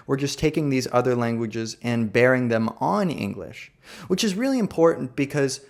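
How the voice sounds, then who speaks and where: An American man lectures on literature in a mid-range voice. He explains calmly and thoughtfully, often thinking aloud as he goes. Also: mid-range voice, gravelly.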